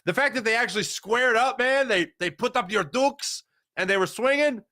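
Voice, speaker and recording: A middle-aged man hosting a live sports talk show, answering chat in a rambling, animated way. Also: normal speed, dry recording, clean studio sound. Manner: animated, rambling, swings between low asides and loud bursts.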